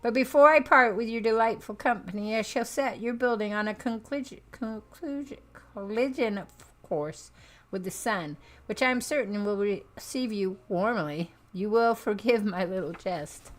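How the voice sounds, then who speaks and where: A woman's voice: medium pitch, normal speed, natural voice. A woman voicing a boastful, cackling male supervillain mastermind while reading a comic book aloud. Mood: mocking. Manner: boastful, cackling, mock-polite.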